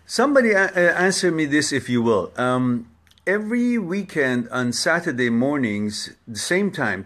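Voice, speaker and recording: A man of middle pitch hosts a live online talk at a very slow, deliberate pace. He greets viewers one by one by name and stumbles over the harder names. His tone stays casual and chatty throughout. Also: a bit bright. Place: home setup for a social media live stream.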